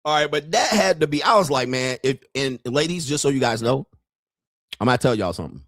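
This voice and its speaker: Brash, animated male streamer, dry sound. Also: mid-range voice, fairly quick, no echo. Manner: brash, profane and rambling, with frequent laughter; talks straight to viewers. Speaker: live-stream host. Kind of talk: casual live-stream commentary.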